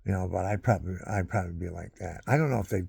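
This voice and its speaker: A man with a gravelly, husky voice talks on tape in a loose, wandering monologue, drifting between stories and chuckling as he goes. His tone is dark and mellow and sits fairly low. The sound is dry and close, with no room around it. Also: racing, no room sound. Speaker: monologuist recording himself. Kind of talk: rambling casual monologue.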